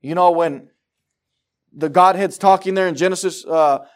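Fervent high-voiced male preacher. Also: fairly even intonation, moderate pace. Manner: fervent, swinging from quiet to loud. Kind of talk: sermon.

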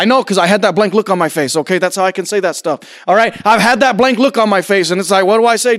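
A middle-aged man preaching an impassioned sermon in church, asking rhetorical questions and acting out dialogue, often rising to near-shouts. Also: high voice, no room sound, studio quality. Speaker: pastor. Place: church sanctuary.

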